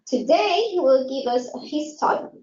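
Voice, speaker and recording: A woman with a high voice reads a formal speaker introduction in a measured, scripted way. The hall is echoey and the recording sounds dull and lo-fi. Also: animated, mellow. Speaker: symposium moderator. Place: lecture hall.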